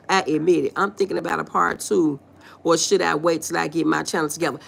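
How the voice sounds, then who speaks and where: A woman's voice: sits low, fairly quick, creaky. A woman with a Southern US accent hosting a casual livestream, reading viewers' comments aloud and answering them in a folksy, playful way with frequent laughter. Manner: animated, folksy, reads chat aloud and answers, laughs often. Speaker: livestream host.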